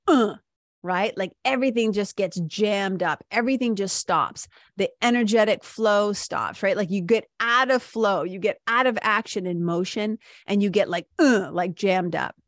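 A middle-aged woman hosts a podcast, talking casually and with animated enthusiasm, full of "like" and "right?" asides. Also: medium pitch, no echo, clean studio sound. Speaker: podcast host. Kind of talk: casual monologue, retelling a coaching session.

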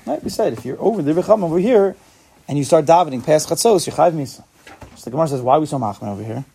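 A man's voice: on the high side, animated, very fast, creaky, mellow, a little hiss or hum. A man teaching an informal Talmud class, explaining step by step and asking and answering his own questions.

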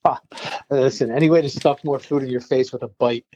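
A man's voice: mid-range voice, fairly even intonation, fairly quick, warm tone, highs cut off. A man co-hosting a podcast, chatting bluntly with salty language. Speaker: podcast co-host. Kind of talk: casual chat.

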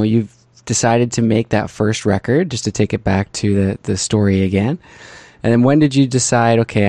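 Relaxed male interviewer, low dry voice. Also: no echo. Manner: relaxed, friendly, quick affirmations. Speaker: podcast host. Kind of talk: casual interview chat.

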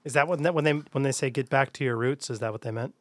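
A man's voice: medium pitch, fast talker, dry recording. A man co-hosting a podcast in casual banter, goofy and full of playful wordplay. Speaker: podcast co-host.

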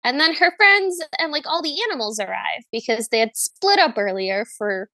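Recapping a movie as a podcast co-host, a woman keeps it chatty and wry, sometimes slipping into character voices. Her fairly high voice swings widely in pitch, sounds pushed and bright, and moves at a moderate pace without any echo.

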